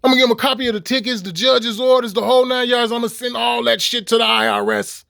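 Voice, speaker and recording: A middle-aged man telling a long story to camera in a profane, animated rant, stammering through restarts. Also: extremely high pitch, quick pace, gravelly, no room sound, studio quality. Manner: animated and swearing, with laughs and repeated stammered restarts. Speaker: vlogger. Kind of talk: profane ranting monologue.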